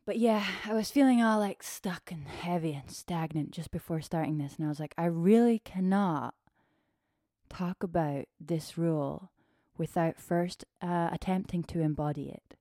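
A woman's voice: lowish voice, moderate pace, no room sound, clean studio sound. A woman hosting her own podcast, talking freely and chattily with lots of fillers, a little out of breath. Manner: chatty, warm-hearted, free-flowing with fillers. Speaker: podcast host. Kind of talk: casual solo podcast talk.

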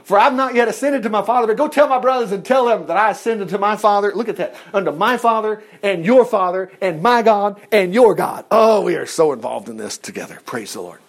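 A man's voice: high-pitched, a little fast, few pauses. A man preaching a sermon, reading scripture aloud and breaking off into casual asides and chuckles. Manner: lively, asides and chuckles between verses.

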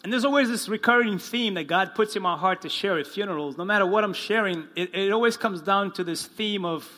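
A man preaching a sermon as pastor to his congregation, slowing down and dropping his voice low for the quoted lines. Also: sharp tone. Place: church in front of a congregation.

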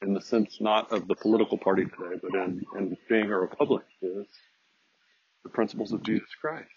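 A man's voice: on the low side, a little fast, a little mellow, breathy edge, dull audio. A man hosting a podcast, delivering an earnest, preachy monologue to listeners he calls folks. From United States. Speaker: podcast host. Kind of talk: conservative opinion podcast monologue.

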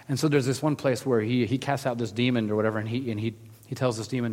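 A man preaching a sermon in a casual, animated storytelling manner, acting out quotes as he goes. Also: mid-range voice, quick pace, in a large hall. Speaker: pastor.

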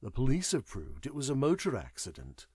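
A man voicing a detached, knowing man who speaks in a measured, wry way. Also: mid-range voice, wildly swooping pitch, darkish tone, breathy edge, dry recording, clean studio sound, full character voice. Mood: calm. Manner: measured, wry, world-weary.

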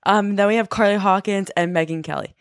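A woman's voice: medium pitch, steady tone, brisk, no room sound. A young woman in her late teens co-hosts a school sports show. She chats casually and answers with short, agreeing replies. Her voice sounds close and dry, with no room around it. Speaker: student co-host. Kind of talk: casual chat.

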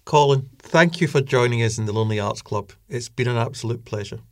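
A man hosting a podcast interview, asking thoughtful, measured questions. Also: mid-range voice. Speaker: podcast host.

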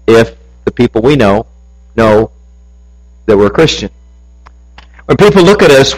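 A man's voice: mid-range voice, low-quality recording. A man preaching a sermon to his congregation, earnest and building to emphatic peaks. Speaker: pastor.

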